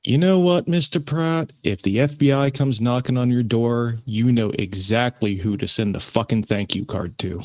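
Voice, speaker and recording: A man's voice: mid-range voice, moderate pace, few pauses, darkish tone, dry recording. A man on a stream panel, delivering a pointed, sardonic message.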